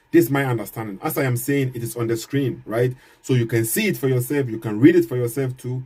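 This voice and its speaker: A man talking to camera in a measured way, repeating his points, asking rhetorical questions and giving dry chuckles. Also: medium pitch, mellow, breathy edge. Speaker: Christian apologist vlogger. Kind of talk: casual argumentative commentary to camera.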